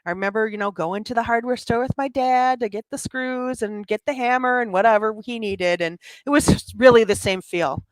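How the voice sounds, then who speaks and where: Lady guest on a movie podcast, higher voice, super dry sound, laughs a lot. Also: moderate pace, few pauses, dry recording. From small town. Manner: laughing, chatty asides. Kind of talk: casual movie review chat.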